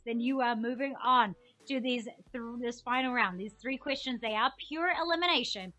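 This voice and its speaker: Upbeat, fairly high-voiced woman quiz host. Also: pushed and bright. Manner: upbeat, chatty, reads out viewer comments. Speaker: trivia game host. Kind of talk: live-streamed quiz hosting.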